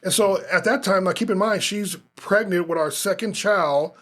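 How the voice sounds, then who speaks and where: High-voiced pastor telling his story. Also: normal speed, a bit bright. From Omaha, Nebraska. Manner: earnest storyteller, frequent restarts. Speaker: pastor, guest. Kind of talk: personal testimony in a podcast interview.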